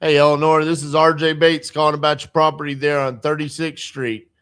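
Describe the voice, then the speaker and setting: A man's voice: a little high, level tone, brisk, a bit bright, clear, resonant tone. A man calling a home seller on the phone, asking short, direct questions and making confident promises. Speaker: real estate investor calling a seller. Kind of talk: sales phone call. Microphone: phone call.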